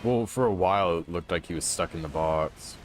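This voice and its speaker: A man's voice: low-pitched, brisk, noisy background. A young man streaming a game, chatting casually with a friend in slangy jokes, and getting tired. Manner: joking, slangy, tired toward the end. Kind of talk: casual gaming chat on stream.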